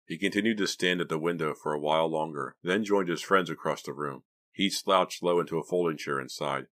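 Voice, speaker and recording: A man narrating an audiobook in a steady, measured storytelling manner. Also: very deep voice. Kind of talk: scripted narration.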